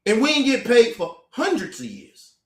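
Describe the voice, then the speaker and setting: A man's voice: very high-pitched, wildly swooping pitch, normal speed. A man delivering a heated, confrontational rant to camera, cursing and repeating his words as he stumbles over them. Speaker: commentator. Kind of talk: angry profane rant to camera. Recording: echoey room.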